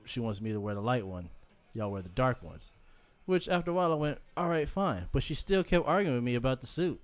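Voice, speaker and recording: A man's voice: medium pitch, fast. A man co-hosting a casual group podcast, telling stories with quoted asides and frequent laughter. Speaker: podcast co-host.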